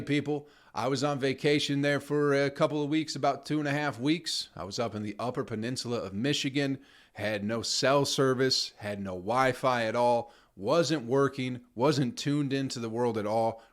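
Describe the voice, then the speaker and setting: A man hosting his own podcast, ranting with heavy swearing and mocking put-on voices of other people. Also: medium pitch. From United States. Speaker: podcast host. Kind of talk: profane comedic rant.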